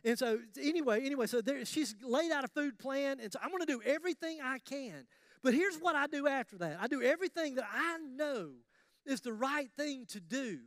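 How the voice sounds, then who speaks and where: A man preaching a sermon as pastor, animated and conversational, with jokes about himself. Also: extremely high pitch, fairly quick, dry recording, clean studio sound.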